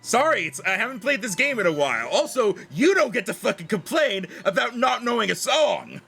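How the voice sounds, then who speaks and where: Young guy streaming a game, super lively, bright voice, jokey, faint game music behind. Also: high voice, brisk, creaky, breathy edge. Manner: animated, joking, swears freely. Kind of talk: casual gameplay commentary.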